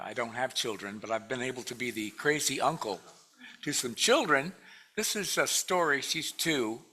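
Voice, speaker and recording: A man's voice: mid-range voice, pushed and bright. A man giving a casual, rambling talk to a spiritual community, full of fillers and restarts and often laughing. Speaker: guest speaker at a spiritual community.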